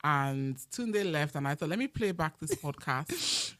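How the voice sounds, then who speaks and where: A woman's voice: low-pitched, animated, measured pace, fairly bright tone, slight background noise. A woman from Nigeria hosting a casual podcast chat, laughing often. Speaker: podcast host. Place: home in the UK.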